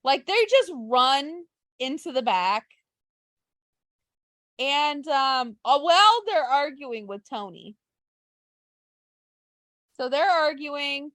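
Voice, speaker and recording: A woman co-hosting a casual podcast who swears freely and retells events with quick quoted asides. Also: high-pitched, lively intonation, fairly bright tone, no echo. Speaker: podcast co-host. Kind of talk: casual chat.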